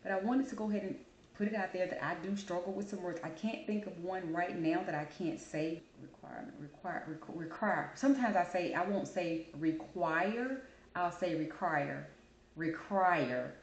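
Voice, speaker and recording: A woman with a lowish voice talks straight to her camera in a casual, animated way, telling a personal story. Her voice carries a noticeable echo from the room around her. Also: a little fast, slight background noise. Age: adult. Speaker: channel host. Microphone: camera mic. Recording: roomy echo.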